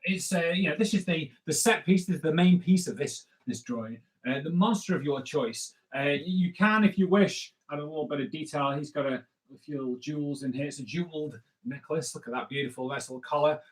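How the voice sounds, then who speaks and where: A man's voice: on the high side, a little fast. Chatty man teaching a drawing lesson. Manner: chatty, rambling, with jokey asides. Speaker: comics artist teaching drawing.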